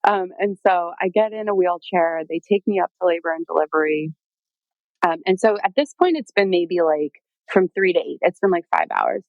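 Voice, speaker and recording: A woman with a fairly low voice tells her story casually, filling her talk with "like" and "um" and acting out what people said. The sound is close and dry, with no room around it. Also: normal speed, gravelly, dry recording, highs cut off. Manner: chatty, lots of "like" and "um", animated quoting. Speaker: podcast guest telling her birth story.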